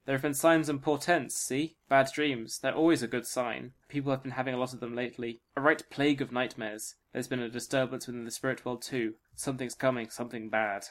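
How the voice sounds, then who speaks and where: A man's voice: mid-range voice, steady tone, brisk, few pauses, natural voice. A snappish blind old crone witch, as a man puts her on. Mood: ominous.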